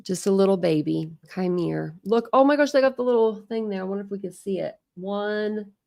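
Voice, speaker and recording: A woman's voice: mid-range voice, fairly quick, vocal fry, mellow, no room sound, clean studio sound. A middle-aged woman chatting casually on a livestream, gushing and rambling as she shows family photos.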